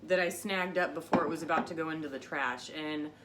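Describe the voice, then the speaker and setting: Middle-aged woman vlogger, lowish voice, chatty storyteller, faint background hiss. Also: steady tone, a little fast. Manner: chatty, self-conscious, with frequent fillers. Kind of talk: casual storytelling to camera.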